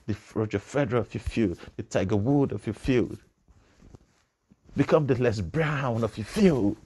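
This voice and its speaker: A man's voice: medium pitch, a little mellow, slightly rough. A man giving a preachy motivational speech, repeating phrases and building to emphatic bursts. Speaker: motivational speaker.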